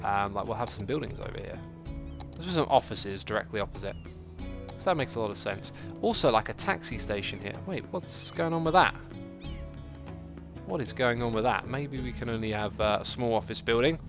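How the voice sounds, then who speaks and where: A man giving casual, chatty livestream commentary while building a city in a game, reacting out loud to it and answering chat. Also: medium pitch, expressive. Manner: chatty, talks to the game and to chat, quick exclamations. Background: faint background music.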